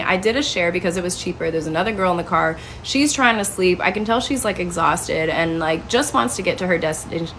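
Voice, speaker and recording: Young woman recounting a story in a vlog, exasperated, somewhat high voice, faint noise behind. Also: fairly bright tone. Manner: exasperated, quoting herself and others.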